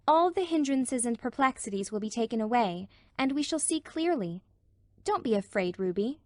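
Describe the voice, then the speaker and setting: A woman reading an audiobook voices a gentle, thoughtful young woman who comforts a friend hesitantly and tenderly. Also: a little high, animated, moderate pace, no room sound, clean studio sound, close to an everyday voice.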